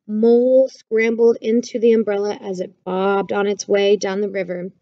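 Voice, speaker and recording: A woman reading a children's picture book aloud in a gentle, clear storytelling manner. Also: medium pitch, flat delivery, normal speed, no room sound, highs cut off.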